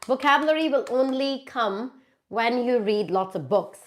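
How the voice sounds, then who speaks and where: A woman's voice: fairly high pitch, normal speed. A woman with an Indian English accent hosting a casual live Q&A, answering viewer questions in an emphatic way and repeating words for stress.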